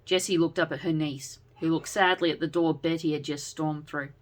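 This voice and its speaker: A woman reading a serialized story aloud with an expressive delivery. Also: low-pitched, normal speed. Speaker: narrator. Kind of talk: storybook narration.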